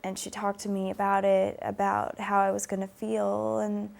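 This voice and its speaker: A woman calmly recounting a personal experience in a measured, hesitant way, with many pauses. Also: mid-range voice, gravelly. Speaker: interviewee sharing personal story. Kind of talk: personal testimony.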